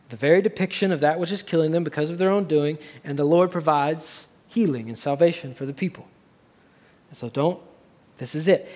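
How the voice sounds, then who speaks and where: A man's voice: a little high, darkish tone. A man preaching a sermon as pastor, earnest, building to raised emphatic passages.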